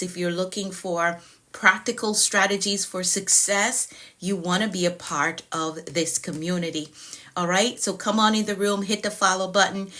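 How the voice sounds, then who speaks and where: Bright, upbeat woman hosting a live stream. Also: medium pitch. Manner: upbeat, welcoming, repeats greetings to viewers by name. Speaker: productivity coach and live-stream host. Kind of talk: casual live-stream greeting.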